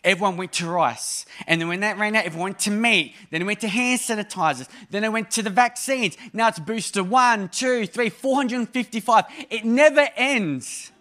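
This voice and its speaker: A man in his thirties delivering a sermon with a high, light voice. His manner is chatty and funny, swinging between emphatic bursts and hushed asides. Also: normal speed, hardly any pauses. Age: 30s. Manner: conversational and humorous, with sudden emphatic rises and soft drops. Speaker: preacher.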